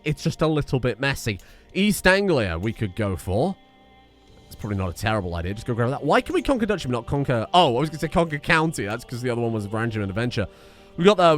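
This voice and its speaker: Man, let's-play commentary, rambling wry asides, animated pitch, soft music behind. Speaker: video game streamer.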